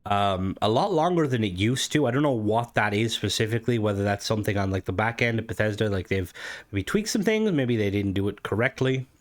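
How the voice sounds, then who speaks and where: Rambling low-voiced male gaming creator. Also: animated, fairly quick. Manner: rambling and meandering, with frequent hesitations and restarts. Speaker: gaming content creator and streamer. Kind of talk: casual gaming news commentary.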